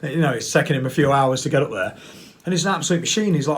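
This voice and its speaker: A man's voice: on the high side, fast talker. A middle-aged man talking casually to camera, blunt and rambling and sometimes mocking himself. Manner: rambling, blunt and self-mocking, with playful put-on voices. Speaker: vlogger.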